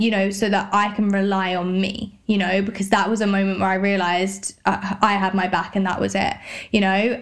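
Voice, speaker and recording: A British woman hosting a solo podcast, talking candidly with lots of swearing and many "like" and "you know" fillers. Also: mid-range voice. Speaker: podcast host.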